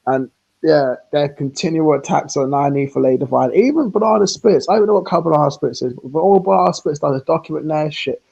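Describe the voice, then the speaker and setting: A man's voice: fairly high pitch, vocal fry, dark tone. A man on a live stream, ranting heatedly, laughing often and acting out quoted exchanges. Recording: lo-fi online stream audio.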